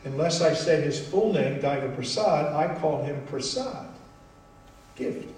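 A man preaching a sermon as pastor, unhurried and emphatic with long pauses. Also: fairly high pitch, expressive, a little mellow, slight background noise. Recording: echoey hall, mic at a distance.

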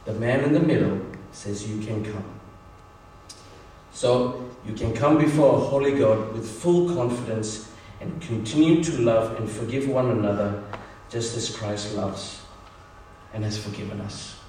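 A man's voice: fairly low pitch, measured pace, dark tone, far from the mic, a little hiss or hum. Male pastor preaching in an echoey church. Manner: earnest, exhorting, storytelling. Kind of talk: sermon.

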